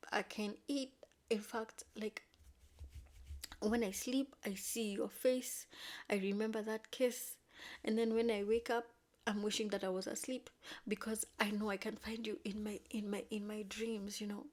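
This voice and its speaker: A woman doing a pleading lovesick gentleman. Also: mid-range voice, close to an everyday voice.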